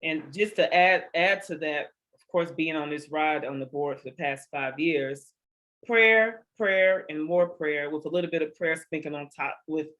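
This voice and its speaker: Interviewer and board member, upbeat, emphatic, quick to laugh. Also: mid-range voice, pushed and bright, muffled recording. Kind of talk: conversational interview.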